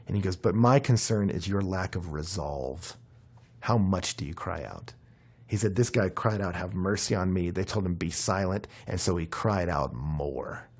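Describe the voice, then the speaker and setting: A young man preaching in a loose, conversational way, his voice worn down and hoarse. He sits fairly low and sounds rough and husky, and he leans hard into key words. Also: moderate pace. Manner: conversational, animated preaching with many fillers. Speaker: pastor. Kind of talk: sermon.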